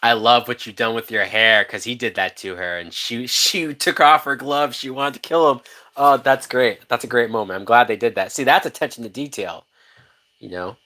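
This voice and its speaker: A man giving casual, profane live-watch commentary on a movie, animated and quick to laugh, often restarting his sentences. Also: mid-range voice. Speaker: movie reaction host.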